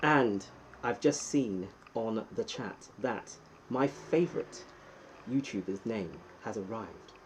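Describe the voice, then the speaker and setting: A man with an English accent hosting a casual live stream, reading the chat and giving playful shout-outs to viewers. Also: mid-range voice, slight background noise.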